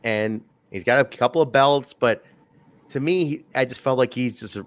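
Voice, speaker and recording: A man co-hosting a casual wrestling review chat, telling stories in a rambling, animated way. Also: mid-range voice, moderate pace, no room sound. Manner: rambling, animated storytelling with laughs. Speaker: podcast co-host reviewing wrestling.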